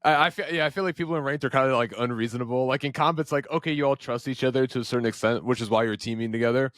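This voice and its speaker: A man's voice: medium pitch, rapid-fire, fairly bright tone, no echo, clean studio sound. A man hosting a gaming podcast, asking easygoing questions in casual chat. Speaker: podcast host.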